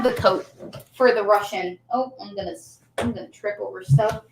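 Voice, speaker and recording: A woman's voice: normal speed, gravelly, slight background noise. A woman hosting her own channel, chatting casually to viewers while a little tipsy, rambling and easily distracted. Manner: rambling, easily distracted, jumps around in pitch. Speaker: channel host.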